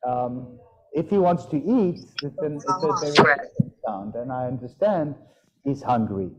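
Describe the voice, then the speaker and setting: A man leading a casual group discussion, talking in an animated way and imitating his pets' sounds. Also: medium pitch, normal speed, highs cut off. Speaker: group leader.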